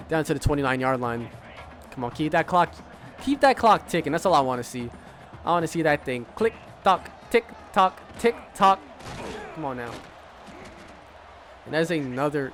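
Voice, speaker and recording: A man's voice: on the high side, fairly bright tone. A man streaming a football video game, giving casual play-by-play commentary full of trash talk and swearing. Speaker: gaming streamer.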